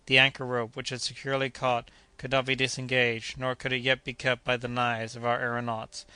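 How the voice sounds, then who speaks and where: A man narrating an adventure novel as an audiobook, reading steadily and raising his voice for the characters' shouts. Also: medium pitch, clear, resonant tone, no room sound. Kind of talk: scripted narration.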